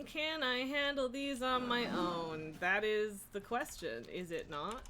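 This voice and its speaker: A woman's voice: mid-range voice, animated, takes it slowly, background noise. A young adult woman streaming from home, chatting casually, laughing often and teasing her cat. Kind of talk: casual live-stream chat. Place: indoors at home.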